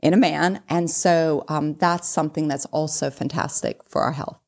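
Low-voiced woman in her forties explaining. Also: steady tone, moderate pace, darkish tone. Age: 40s. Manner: explanatory, uses analogies, giggly asides. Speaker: podcast guest. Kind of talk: casual interview chat.

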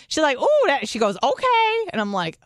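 A woman's voice: mid-range voice, normal speed. A woman co-hosting a podcast, telling a story in casual comedic style, swearing freely and acting out both sides of the dialogue. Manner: animated, profane, acts out both sides of dialogue. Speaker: podcast co-host.

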